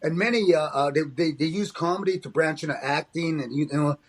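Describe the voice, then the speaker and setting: A man's voice: a little high, a little fast. An older man from Alberta, a comedian and speaker reflecting in an interview, often restarting and tagging lines with "eh?". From Alberta, Canada. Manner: frequent restarts and tag "eh?".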